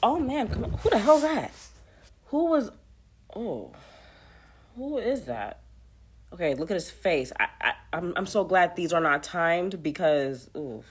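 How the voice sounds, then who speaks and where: A woman with a lowish voice talks herself through a trivia game, reading each question aloud and reacting in loose, offhand asides. Her pitch swings widely between flat mutters and sudden jumps. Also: a little slow, long pauses, slightly rough. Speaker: player of a trivia app. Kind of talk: casual gameplay commentary.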